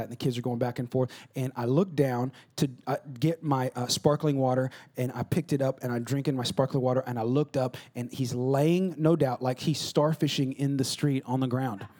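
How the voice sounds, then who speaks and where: A man, a pastor, preaching a sermon in an animated storytelling way, dropping to a hush and then rising loud. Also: medium pitch. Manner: animated storytelling, jumps between hushed and loud.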